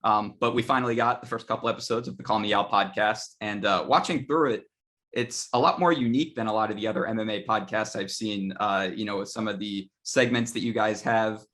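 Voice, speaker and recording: A man hosting an interview, asking prepared questions in a steady, friendly manner. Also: lowish voice, brisk. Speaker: interviewer, host.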